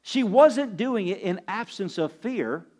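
A man pastor preaching a sermon, swinging between loud and soft, asking the congregation questions. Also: lively intonation, takes it slowly. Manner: preaching with sweeping swings in pitch and loudness.

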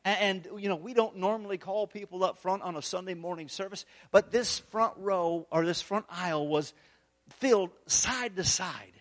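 A pastor preaching a sermon, telling a story in an earnest, emphatic way. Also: male voice, sits high, moderate pace. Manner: storytelling, acts out the quoted voices.

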